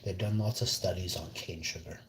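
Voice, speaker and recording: A man's voice: deep voice, steady tone, brisk, reverberant, heavy background noise. A man from Canada, rambling drowsily on a casual live stream at home, trailing off into mumbles and half-whispers.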